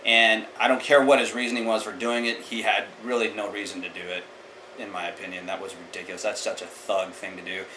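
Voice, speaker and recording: A man's voice: on the low side, level tone, fairly quick, sharp tone, slight background noise, rough recording. A man hosting a martial arts chat channel, giving blunt, opinionated casual commentary straight to the viewer.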